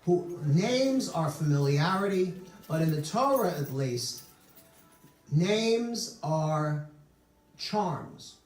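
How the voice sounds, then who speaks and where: A man preaching as a rabbi, telling stories and slipping in jokes. His voice sits somewhat high and swings widely in pitch. He is recorded from across a roomy, echoing synagogue sanctuary. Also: animated, extremely slow, a little mellow, far from the mic, soft background music. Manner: storytelling with humorous asides. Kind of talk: sermon.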